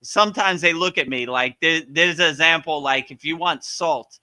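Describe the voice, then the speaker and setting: Bright-voiced man hosting a live chat. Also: a little high, normal speed, no echo. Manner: joking, laughs often, stammers on restarts. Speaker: host of a live Q&A. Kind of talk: casual chat.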